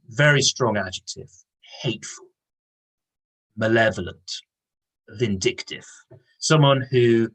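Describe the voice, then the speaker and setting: Male teacher, husky tone, patient explainer giving an online lesson. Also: on the low side, a bit bright, low-quality recording. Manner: patient, explanatory, repeats key words. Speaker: English teacher. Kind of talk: online lesson with reading aloud.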